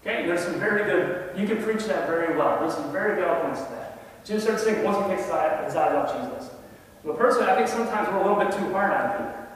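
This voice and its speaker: A man's voice: high voice, expressive, fast. A man preaching a conversational sermon in a church, often asking the congregation questions. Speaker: lay preacher. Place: church sanctuary. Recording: echoey hall, voice from far off.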